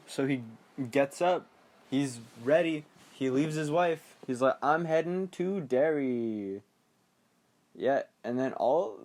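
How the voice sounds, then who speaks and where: A man's voice: medium pitch, a little mellow. A young man hosting a podcast, casually recapping a horror movie in a rambling, giggly way and acting out the characters' lines. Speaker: podcast host.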